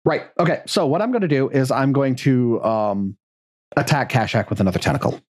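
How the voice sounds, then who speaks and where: Husky-voiced male game master. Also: mid-range voice. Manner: rules-focused, measured. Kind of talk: running a tabletop game.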